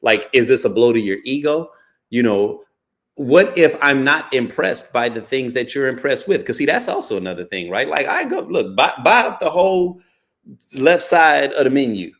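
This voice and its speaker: A man's voice: medium pitch, big pitch swings, normal speed, fairly bright tone. A man hosting a podcast, talking frankly and casually, with lots of slang and cursing, often checking in with "you know" and "right?". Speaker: podcast host.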